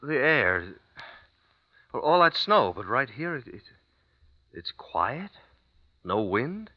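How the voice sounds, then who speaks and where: An actor playing a halting, stammering American writer in a 1950s radio drama. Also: male voice, mid-range voice, very animated. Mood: uneasy. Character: uneasy American male writer. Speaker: lead character. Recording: muffled 1950s radio broadcast.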